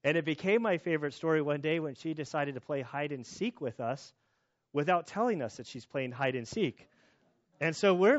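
A man's voice: fairly high pitch, normal speed, no echo, highs cut off. Conversational male pastor preaching. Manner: conversational, with many restarts and asides. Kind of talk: sermon.

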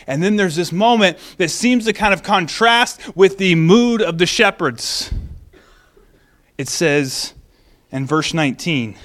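A man preaching a sermon in a casual, animated way, reading scripture and praying. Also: high-pitched, takes it slowly. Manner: casual, animated teaching with restarts. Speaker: pastor.

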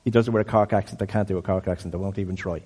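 Speaking very fast, a man in his fifties gives a sermon-like teaching talk in a conversational way, often turning questions to the audience. His voice sits low and darkish with fairly even intonation, echoing with long hall reverb.

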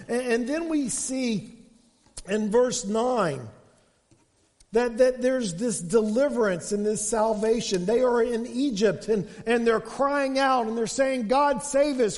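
A man with a strikingly high voice delivers a sermon, leaning on repeated starts like "and, and" as he builds each point. His words trail off into a long reverb that fills a big hall. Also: measured pace, darkish tone. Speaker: pastor.

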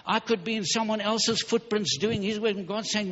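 Male preacher, husky voice, emphatic and rushed, dull hall recording. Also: high-pitched, steady tone, a bit bright. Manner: fervent, emphatic, rushing with stumbles. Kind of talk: sermon.

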